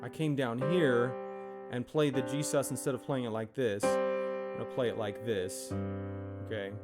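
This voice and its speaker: Speaking at medium pitch and a moderate pace, a male piano teacher offers easygoing instruction, singing rhythms and counting beats with plenty of fillers and check-ins. Piano plays loudly in the background throughout.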